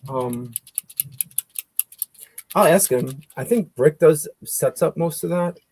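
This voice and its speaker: A man's voice: a little high, takes it slowly, a little mellow, a little hiss or hum. A man in his forties chatting casually and rambling while painting, often cutting himself off and swearing. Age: 40s. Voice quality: gravelly.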